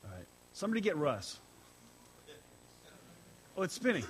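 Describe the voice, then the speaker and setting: A middle-aged man, a pastor, gives a conversational sermon after an opening prayer, sounding emotional and halting as he speaks personally. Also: fairly high pitch, big pitch swings, slight background noise, rough recording. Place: church service, streamed live.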